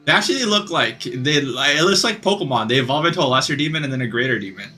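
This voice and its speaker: An excitable young man talking his way through a game, chatty and swearing. His voice is bright and forceful, and faint music plays under it. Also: medium pitch, fast. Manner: excitable and chatty, swears and says bro a lot. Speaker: gaming video creator. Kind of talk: casual gameplay commentary.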